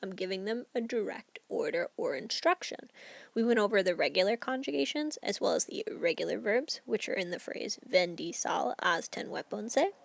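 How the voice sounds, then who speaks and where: A woman's voice: medium pitch, lively intonation, normal speed, creaky, no echo. A woman Spanish teacher explaining grammar step by step in a recorded lesson.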